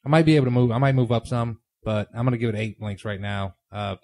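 Fast-talking male film reviewer. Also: mid-range voice, mellow. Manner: thoughtful, opinionated. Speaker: podcast co-host. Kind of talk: casual film review chat.

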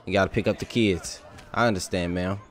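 A young man giving casual, excitable commentary over his own gameplay, trash-talking and laughing at the game. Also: low voice, brisk. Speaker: gaming YouTuber.

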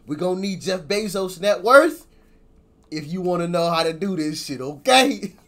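An animated man hosts a reaction video, riffing on what he watches in loose, slangy talk. His voice sits a little high, and his pitch swings widely as he jokes. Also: normal speed. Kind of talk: casual reaction commentary.

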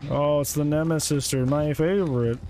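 A man's voice: fairly high pitch, steady tone, fairly quick, dark tone. A young man streaming a video game, ranting sarcastically and swearing often in casual commentary.

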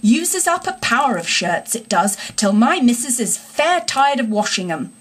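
A woman's voice: fairly high pitch, sing-song, moderate pace, fairly bright tone. A woman voicing a kindly, burly working-class engine driver with homely, folksy speech. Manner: homely, folksy and plain-spoken.

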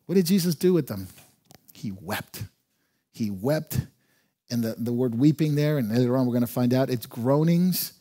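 A man preaching a sermon as pastor, emphatic and animated, slowing down to stress key words. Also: fairly high pitch.

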